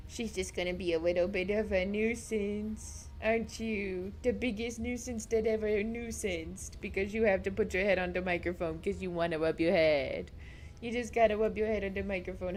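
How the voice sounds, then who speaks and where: A young woman streaming a game from home at a desk mic, gushing and emotional, baby-talking to her pets. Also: medium pitch. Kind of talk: gaming livestream chat. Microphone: desk microphone.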